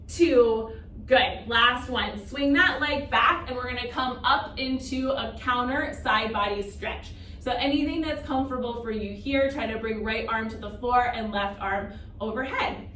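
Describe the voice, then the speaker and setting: A high, bright-voiced woman leads a Pilates class, counting down reps and cueing each breath with encouragement. She is heard from a distance in a roomy space, with a faint hiss of noise behind her. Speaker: Pilates instructor. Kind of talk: guided exercise class cueing.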